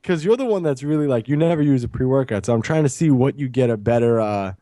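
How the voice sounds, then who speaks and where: A man with a New York accent co-hosting a fitness podcast in casual chat, excitable and quick to stumble over his own words. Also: mid-range voice, no room sound, studio quality. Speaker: podcast co-host.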